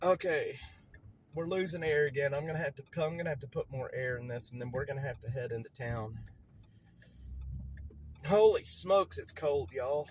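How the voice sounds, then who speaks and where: A man's voice: mid-range voice, fairly even intonation, a little fast, slight background noise, low-quality recording. Shivering man live-streaming outdoors. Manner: rambling, laughs often, talks to chat. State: shivering from cold. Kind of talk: casual live-stream narration. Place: outdoors in a cemetery. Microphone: phone held in hand.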